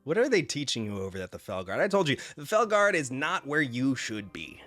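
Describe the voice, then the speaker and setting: A man voicing a hearty, burly male paladin father who laughs and talks loudly and jovially. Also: mid-range voice, sing-song, a little fast, no echo, faint music behind, pitched above the performer's own voice. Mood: teasing. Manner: boisterous, laughing, loud and jovial.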